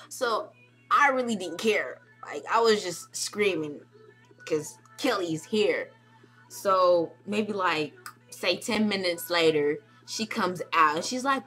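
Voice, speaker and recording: A young woman excitedly telling a vlog story, acting out quotes with squeals and shouts. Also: mid-range voice, a little slow, faint music behind. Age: young adult. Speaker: vlogger recounting a club night.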